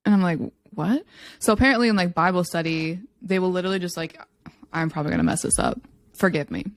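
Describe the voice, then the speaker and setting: A woman co-hosting a casual talk, telling stories in an animated way and acting out what other people said. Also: lowish voice, fast talker. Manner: animated storytelling, acts out quoted people in a raised voice. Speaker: podcast co-host. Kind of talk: casual chat.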